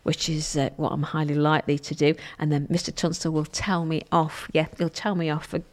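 A woman's voice: deep voice, flat delivery, brisk. A woman from the on-area, presenting a local radio show in a chatty, rambling way that often corrects itself. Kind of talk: casual radio chat.

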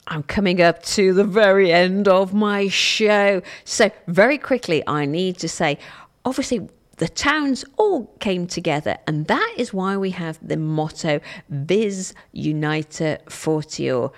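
Woman radio host, lively rambling chat. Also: medium pitch, a little slow. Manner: chatty, rambling, self-correcting. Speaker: local radio presenter.

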